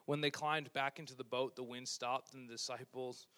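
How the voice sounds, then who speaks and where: A man preaching a sermon, retelling a scripture story in a lively way with joking asides. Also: medium pitch, normal speed. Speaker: pastor. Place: church stage.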